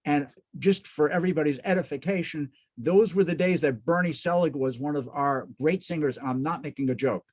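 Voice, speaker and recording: A man's voice: on the high side, brisk, few pauses, a little mellow. A man lecturing as a cantor in an informal talk, enthusiastic and often restarting his sentences. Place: synagogue hall.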